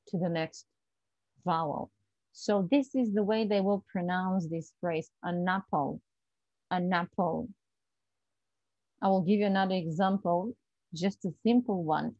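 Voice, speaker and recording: A woman with Bulgarian as her first language teaches English pronunciation in an online lesson. She explains patiently and repeats example phrases slowly for her students. The recording is dry and a little dull, with no room sound. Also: medium pitch, dark tone, no room sound.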